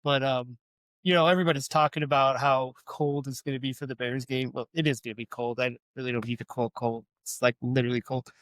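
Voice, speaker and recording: A man's voice: medium pitch, fairly even intonation, fast, a bit bright, no room sound. A man, co-hosting a podcast in rambling, self-deprecating casual chat. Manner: rambling, self-deprecating, with many fillers and restarts. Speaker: podcast co-host.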